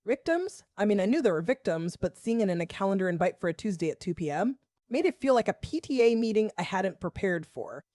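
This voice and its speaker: A woman in her forties from the Southern US, a school principal telling her own story in measured, wry, confessional first-person narration. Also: mid-range voice, lively intonation, dark tone, no room sound, clean studio sound.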